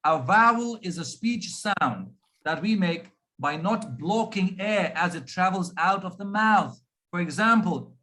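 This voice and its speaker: Indian man, RP-leaning accent, high voice; speech coach, deliberate and demonstrative. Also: expressive, pushed and bright. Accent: Indian English, RP-influenced. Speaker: pronunciation coach. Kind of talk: speech on pronunciation.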